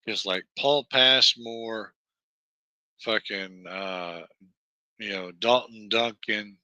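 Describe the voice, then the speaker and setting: A man with a Southern American accent delivers a slow, profane, rambling livestream rant packed with fillers and restarts. His voice is very bright and cutting, and the sound is close and completely dry, with no room around it. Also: lowish voice, no room sound. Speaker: livestream host. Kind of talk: ranting livestream monologue.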